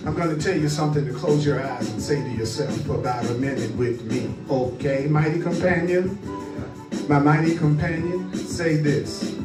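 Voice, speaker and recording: A man's voice: a little high, moderate pace, reverberant, recorded from a distance, over loud music, poor audio. A man teaching spirituality in a rhythmic, repetitive, call-and-response cadence.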